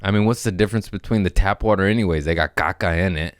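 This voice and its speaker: A man's voice: low voice, quick pace, no room sound, studio quality. A man in his thirties hosting a podcast, rambling from topic to topic in casual chat and acting out little voices. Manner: jumps between topics, acts out voices. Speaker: podcast host, comedian.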